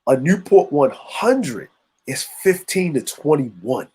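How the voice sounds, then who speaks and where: A man's voice: fairly high pitch, big pitch swings, slow, darkish tone, husky. A man in casual podcast chat, telling stories and acting out the people in them. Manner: storytelling, acts out voices of people he describes. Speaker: podcast co-host.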